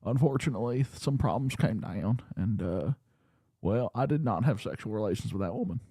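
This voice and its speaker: A man doing an impression of a middle-aged former president, speaking softly and haltingly with drawn-out pauses. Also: lowish voice, expressive, husky, no room sound, studio quality. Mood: reminiscing.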